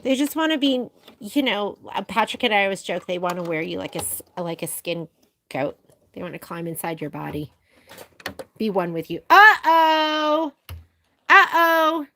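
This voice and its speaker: A woman's voice: fairly low pitch, normal speed, gravelly, a little hiss or hum. A middle-aged woman hosting a sewing tutorial vlog, chatting away with rambling, gushing stories full of fillers. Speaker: sewing shop video host. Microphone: camera on a filming arm.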